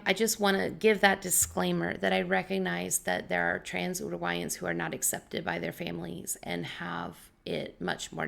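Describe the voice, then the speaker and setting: Scratchy, gravelly-voiced woman vlogger. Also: lowish voice, fairly bright tone. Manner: chatty, full of disclaimers and fillers. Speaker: vlog host and English teacher. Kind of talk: casual explanatory vlog talk.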